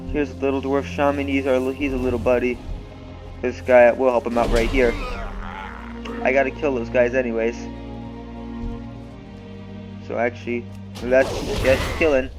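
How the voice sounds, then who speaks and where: A young man casually commenting on his gameplay, rambling and offhand, often poking fun at himself. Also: medium pitch. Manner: rambling, offhand, self-mocking. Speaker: gaming channel host. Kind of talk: let's-play commentary.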